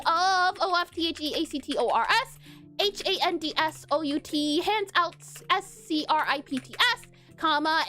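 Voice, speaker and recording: A woman game developer narrates a casual coding devlog in a high voice, chatty and giggly. She often corrects herself and spells words out loud.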